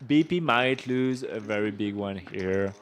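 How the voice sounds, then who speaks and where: French-accented man commentating live poker. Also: fairly low pitch. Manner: excitable, quick reactions with gasps and laughs.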